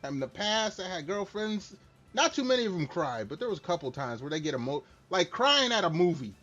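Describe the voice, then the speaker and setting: A man's voice: high voice, sing-song, brisk, fairly bright tone. A middle-aged man chatting casually while streaming a game, rambling, candid and self-deprecating. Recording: slightly dull lo-fi stream mic with faint music.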